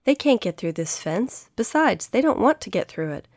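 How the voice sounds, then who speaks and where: A woman's voice: medium pitch, big pitch swings, moderate pace, a little mellow, no room sound, studio quality, pitched above the performer's own voice, close to an everyday voice. A woman voicing a clever, slightly boastful male rabbit in a children's audiobook, speaking in a friendly, confident way. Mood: reassuring. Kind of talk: storybook narration.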